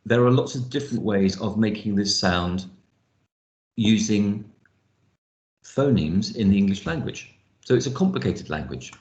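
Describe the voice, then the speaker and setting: A man's voice: lowish voice, animated, a little slow, long pauses, a little mellow, roomy sound, dull audio. A man teaching an online lesson on phonics, thinking aloud with fillers and spelling out letters as he explains. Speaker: lecturer.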